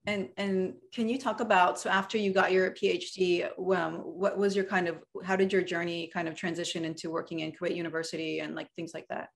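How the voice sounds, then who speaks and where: A young woman hosts an interview over a video call. She talks quickly and casually, and fills her questions with "like" and "you know.". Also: lowish voice, little pitch movement, creaky. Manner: chatty, heavy use of "like" and "you know". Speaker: host, interviewer. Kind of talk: interview conversation.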